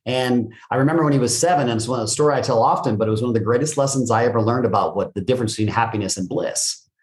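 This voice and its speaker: A man's voice: medium pitch, racing. A middle-aged man, a guest in a podcast interview, telling stories energetically and swearing casually. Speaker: guest, business coach. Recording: roomy echo.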